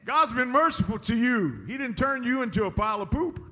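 A man's voice: extremely high pitch, lively intonation, fairly quick, sharp tone, in a large hall. A man preaching a sermon in a folksy, emphatic way, often chuckling at his own points. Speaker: pastor.

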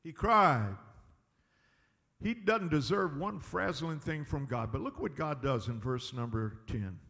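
A high-pitched man delivers a folksy sermon, rising into loud emphatic peaks and dropping to quiet asides. He chuckles between points, and his voice rings with the long reverb of a church hall. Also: expressive, unhurried, vocal fry. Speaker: pastor.

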